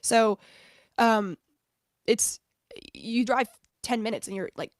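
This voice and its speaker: A woman from the United States hosts her live stream in a casual, chatty way, laughing often and jumping between asides. Her voice sits a little high. The sound is close and dry. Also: lively intonation, slow, no room sound. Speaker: streamer host.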